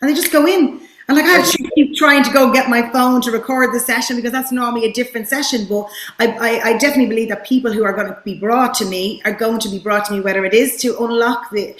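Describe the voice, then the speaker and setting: A woman's voice: on the high side, fast talker, few pauses. Woman host on a video call, eager, keeps restarting, echoey room. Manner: enthusiastic, with frequent restarts. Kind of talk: casual interview chat.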